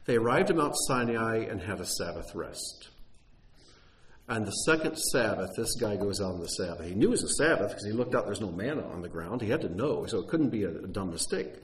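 A middle-aged man preaching a sermon in an earnest teaching tone, restarting phrases and rising in pitch on key points. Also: animated, brisk, rough recording.

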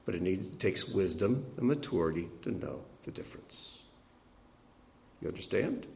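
An older man preaching a sermon as pastor, swinging between emphatic peaks and quiet, soft asides. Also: sits low, expressive, normal speed, creaky.

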